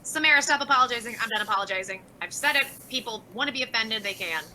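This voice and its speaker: A woman's voice: fairly high pitch, lively intonation, fast, sharp tone, slight background noise, poor audio. A woman livestreaming and reading out chat messages, talking bluntly with lots of swearing and exasperation.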